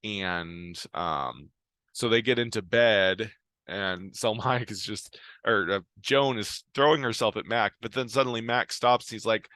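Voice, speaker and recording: A man's voice: fairly low pitch, measured pace, bright, forceful tone, dry recording. A man retelling a show's plot in a casual, rambling way, full of ums and restarts. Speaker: show recapper.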